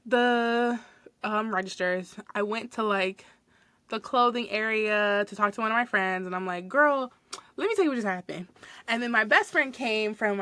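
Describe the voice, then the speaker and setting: A young woman hosting a podcast, telling a work story in a casual, animated way, full of fillers and acted-out quotes. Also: a little high, no echo. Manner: animated, swears, many "like" fillers, acts out quotes. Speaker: podcast host.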